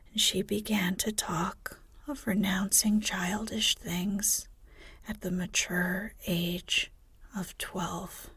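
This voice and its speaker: A woman reading a bedtime story in a soft, unvoiced whisper, close to the mic. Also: medium pitch, steady tone, slow pace, husky, dry recording.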